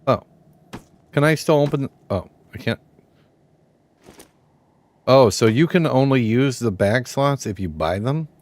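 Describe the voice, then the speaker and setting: A man's voice: mid-range voice, darkish tone. A young man streaming a game live, chatting off the cuff with lots of swearing and jokes. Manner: profane, joking, off-the-cuff. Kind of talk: casual gaming live stream commentary.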